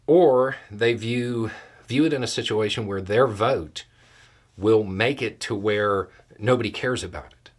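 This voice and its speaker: A man giving political commentary in a measured, deliberate way, laying out scenarios step by step. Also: on the low side.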